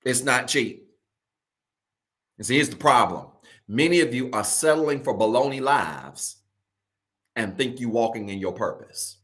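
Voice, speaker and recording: A man's voice: medium pitch, fairly bright tone. A middle-aged man from Virginia, preaching a sermon as pastor. He is emphatic and repeats key lines for his congregation.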